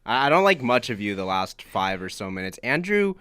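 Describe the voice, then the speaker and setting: A male co-host with a low-set, bright, crisp voice ribs his partner in a dry, teasing way. His voice sits close and dry in a studio. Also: sing-song, brisk, no echo. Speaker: podcast co-host. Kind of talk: casual racing podcast chat.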